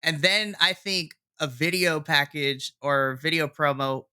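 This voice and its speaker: A man's voice: a little high, steady tone, a little slow, sharp tone, clean tone. A man co-hosting a podcast in casual chat, eager and pleading as he talks through what he wishes had happened. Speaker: podcast co-host. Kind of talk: casual wrestling recap chat.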